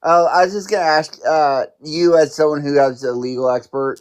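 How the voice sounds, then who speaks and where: A man's voice: a little high, steady tone, moderate pace, clear, resonant tone. A man asking a question on a casual podcast, hesitant and searching for his words.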